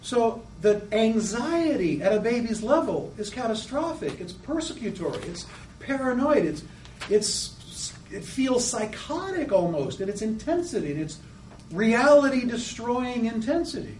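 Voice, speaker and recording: Animated man lecturing in an echoey room. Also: very high-pitched, unhurried, a little hiss or hum. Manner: animated, acts out voices of children and infants. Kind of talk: lecture on psychoanalytic theory. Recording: echoey room, mic at a distance.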